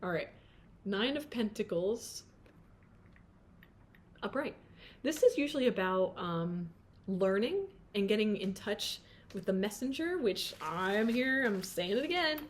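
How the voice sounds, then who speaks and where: A woman's voice: medium pitch, animated, measured pace, long pauses. A woman doing a pick-a-card tarot reading, chatty and playful, often breaking off mid-thought and laughing at herself. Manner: chatty, self-interrupting, sings snatches of song.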